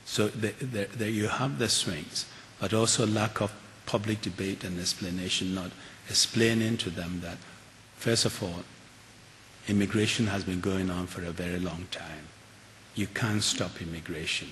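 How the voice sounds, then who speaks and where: An older man giving a keynote talk and answering audience questions, earnest and measured, with frequent restarts. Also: deep voice, steady tone, fairly bright tone. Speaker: keynote speaker. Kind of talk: lecture and audience Q&A. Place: large auditorium. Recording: hall reverb with faint hiss.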